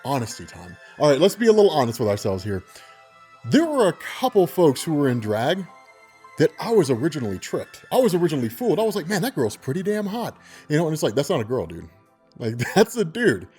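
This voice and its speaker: A man in his twenties tells a personal story in a high voice that leaps up and down all the time. He is animated, laughs a lot and swears casually, with faint music under him. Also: quick pace. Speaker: vlogger.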